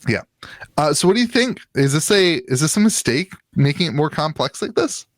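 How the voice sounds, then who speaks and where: A man's voice: fairly high pitch, sing-song, fairly quick, dry recording. A man from Ohio co-hosting a casual card game podcast, rambling with lots of fillers and jokes. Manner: rambling, filler-heavy, jokey. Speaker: podcast co-host. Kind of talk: casual chat about trading card games.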